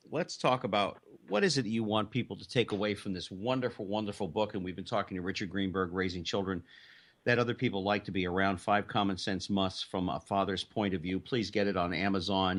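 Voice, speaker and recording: A male radio host interviewing an author in a relaxed, encouraging way. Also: deep voice, brisk.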